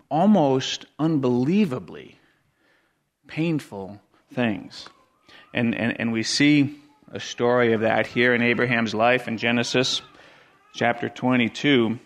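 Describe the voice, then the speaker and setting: A middle-aged man preaching a sermon earnestly, often repeating words for emphasis and dropping to quiet, low tones.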